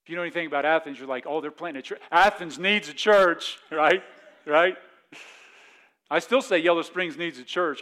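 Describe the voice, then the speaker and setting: A man's voice: a little high, a bit bright. A man preaching a sermon as pastor, talking in a conversational way and often repeating words as he restarts a sentence.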